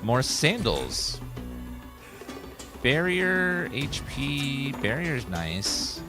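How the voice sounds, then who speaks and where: A man's voice: medium pitch, sing-song, drawn-out words. A man streaming a video game live, casually thinking aloud and reading out the gear he finds. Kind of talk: casual live gameplay commentary. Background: game music.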